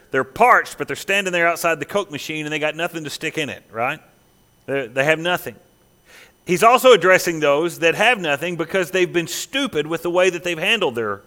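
Emphatic male pastor in a reverberant hall. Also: a little high. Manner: emphatic, swings from loud to hushed and slow. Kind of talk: sermon. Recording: long reverb of a large hall.

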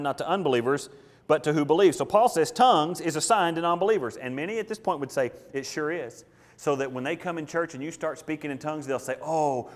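A man delivers an expository sermon with emphatic force, dropping to hushed asides and then rising to loud declarations. His voice sits a little high for a man. The sound rings with the long reverb of a large hall. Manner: emphatic, mocking voices of scoffers, dramatic swings in loudness. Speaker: preacher.

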